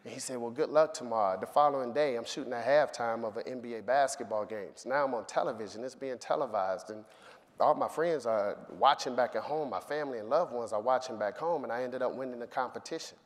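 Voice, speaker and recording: A man's voice: mid-range voice, quick pace. A middle-aged man telling a personal story to an audience, acting out the voices of the people in it. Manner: animated storyteller, acts out voices. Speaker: speaker. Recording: long reverb of a hall.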